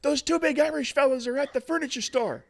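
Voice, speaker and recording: A man voicing an excited young boy who shouts a message in a high-pitched voice. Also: fast talker, gravelly. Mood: excited yelling.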